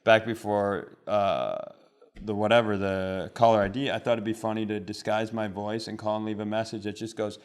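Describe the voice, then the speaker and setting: Brief: man, forties, loose comedic storyteller on a podcast, quick to laugh. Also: on the low side, clean tone. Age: 40s. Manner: laughs often, animated voices in anecdotes.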